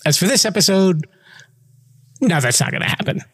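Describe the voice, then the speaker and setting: A male podcast host with a fairly high voice, chatty and full of playful asides. His voice trails off into a long reverb. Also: sing-song, normal speed, breathy edge. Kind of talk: casual interview chat.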